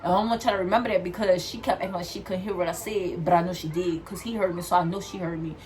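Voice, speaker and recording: Animated young woman telling a work story. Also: fairly low pitch, quick pace, slight background noise. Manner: animated, acts out quotes, addresses viewers as y'all. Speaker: vlogger. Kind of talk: storytime chat while doing hair.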